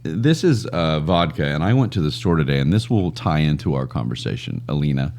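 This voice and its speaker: Man, low voice, podcast co-host, self-mocking joker with a lively swing in his delivery. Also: a little fast. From Scotland. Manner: joking, self-deprecating storyteller. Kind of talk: casual podcast banter. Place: studio.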